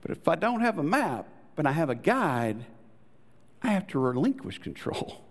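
A man preaching a sermon, telling a story with lively voices for the people in it and sinking to soft, low tones to make a point. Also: moderate pace. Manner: animated storytelling, acting out quoted voices, dropping to soft low tones for emphasis. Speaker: pastor. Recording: long reverb of a large hall.

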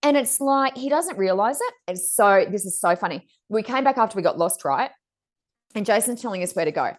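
A middle-aged woman co-hosting a podcast, telling stories in a chatty, animated way and acting out other people's lines. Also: medium pitch, fairly quick. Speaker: podcast co-host. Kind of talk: casual storytelling chat.

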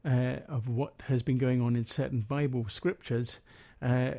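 A man reads scripture aloud at a steady pace, his voice mellow and relaxed. When he speaks in his own words as the meeting's leader, he talks in a loose way with hesitant ums and uhs. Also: medium pitch, measured pace. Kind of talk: Bible reading and spoken commentary.

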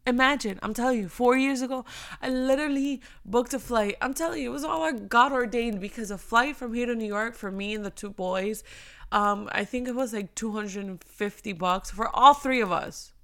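Speaking at normal speed with a fairly high pitch, a young woman delivers an earnest, emotional faith talk from the heart. Her voice shifts from near-whispers to loud emphasis.

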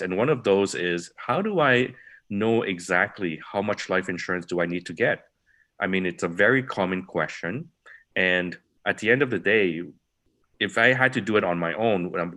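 A man with a very low, deep voice hosts a podcast. He explains each point step by step, stacking examples in lists and circling back to repeat his main idea. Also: pushed and bright. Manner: methodical, builds points through lists and repetition. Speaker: podcast host.

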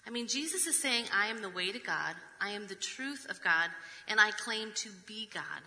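Bright-toned woman preaching in a hall. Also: medium pitch, lively intonation. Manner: measured, reads scripture with rhetorical asides. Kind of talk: sermon. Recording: long reverb of a large hall.

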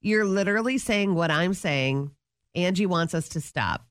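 A woman co-hosting a radio show, bantering playfully with quick, exasperated comebacks. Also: lowish voice, animated, no echo, clean studio sound. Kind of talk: casual morning-show banter.

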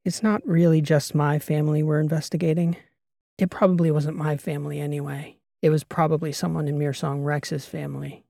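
A man voicing a calm, guarded female starship captain who speaks softly and in a measured way. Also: fairly high pitch, creaky, no room sound, clean studio sound. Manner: soft, measured, quiet delivery.

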